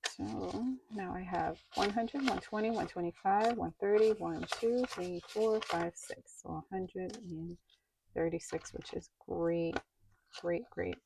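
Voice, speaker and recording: A woman's voice: lowish voice, vocal fry, background noise. A woman vlogger chatting casually while counting cash into budget envelopes aloud, sometimes dropping to a near-whisper.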